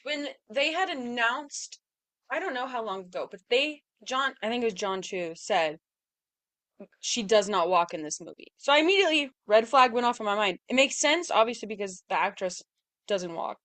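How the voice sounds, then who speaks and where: A woman's voice: on the high side, animated, normal speed, fairly bright tone, dry recording. A woman co-hosting a podcast, chiming in with side comments and corrections during a casual movie discussion. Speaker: podcast co-host. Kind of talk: casual movie review chat.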